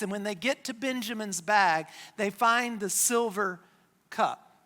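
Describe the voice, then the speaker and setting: A pastor preaching a sermon, retelling a scripture story with dramatic pauses and dropping low for emphasis. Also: bright, forceful tone. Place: church sanctuary. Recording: long church hall reverb.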